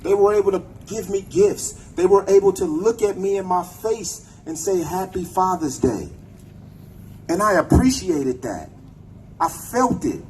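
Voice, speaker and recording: A man's voice: a little high, a little mellow, slight background noise, poor audio. A man giving a raw, profane speech at an outdoor protest, leading the crowd in chants. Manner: angry, profane, leads chants. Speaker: protest speaker. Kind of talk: impassioned rally speech.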